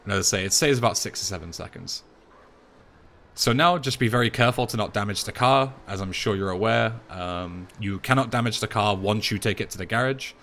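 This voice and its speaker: A young man with an English accent, talking through a speedrun tutorial voice-over in a relaxed, chatty way, with plenty of fillers and restarts. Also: on the low side, a little fast. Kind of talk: casual game tutorial voice-over.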